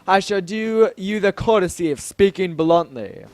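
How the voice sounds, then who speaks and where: A man's voice: sits high, dry recording. A man doing a stately old fish king. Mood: solemn pleading. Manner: slow, stately, old-fashioned speech. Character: regal old male fish king, formal.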